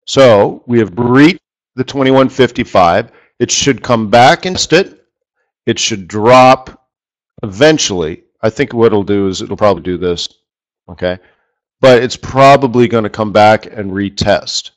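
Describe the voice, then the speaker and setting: A man's voice: fairly low pitch, a little slow. A man hosting a live forex trading session, chatty and rambling, tossing questions to his viewers as he goes.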